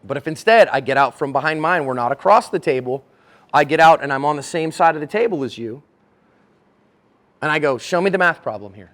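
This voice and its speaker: A man lecturing at a conference on handling conflict, his voice sitting a little high for a man. He talks casually and slips into little role-plays, playing both people in each exchange. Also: fairly bright tone. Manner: casual, acts out both sides of example conversations. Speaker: self-defense instructor. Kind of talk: conference talk with acted role-play. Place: conference room.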